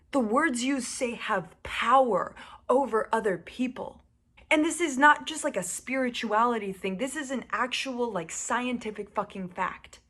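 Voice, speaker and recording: Woman, vlogger, casual monologue, blunt, profane, hushed to emphatic. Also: on the high side, measured pace. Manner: blunt and fiery, swears often, swings from hushed to emphatic. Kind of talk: casual direct-to-camera monologue.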